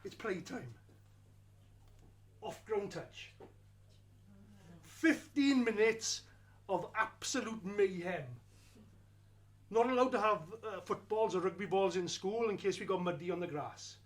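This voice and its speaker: Slow, wry storyteller man. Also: sits high. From Wales. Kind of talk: first-person storytelling performance.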